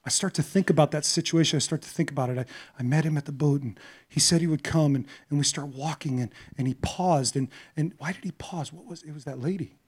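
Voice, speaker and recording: A man preaching a sermon, retelling a story with shifts from quiet, hushed passages to impassioned, louder ones. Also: fairly high pitch, fast talker, breathy edge.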